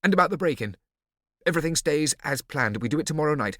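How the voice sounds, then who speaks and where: A man's voice: fairly high pitch, lively intonation, fast, fairly bright tone, dry recording, clean studio sound, pitched above the performer's own voice. A man reading an audiobook, voicing a secretive, defiant thirteen-year-old rich boy who talks with a hesitant edge. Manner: hesitant, stammering then defiant.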